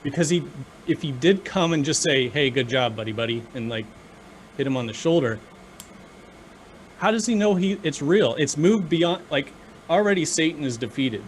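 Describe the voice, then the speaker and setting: A podcast co-host with a higher, expressive voice talks earnestly in a casual discussion, choked up with emotion. He halts and restarts his sentences often, and there's slight background noise.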